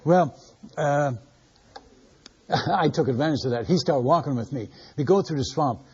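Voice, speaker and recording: A man's voice: fairly high pitch, normal speed, a little mellow, husky. An older man and missionary preacher, telling stories in a folksy, conversational sermon style with a chuckle in his voice. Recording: dull lo-fi sermon recording.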